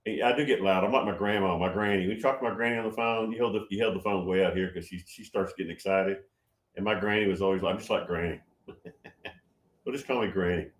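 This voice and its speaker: A man in his seventies hosts a casual livestream and fast-talks his way through chat comments. His voice sits a bit low, he gets loud when excited, and he often stops to restart his sentences, all in an echoing room.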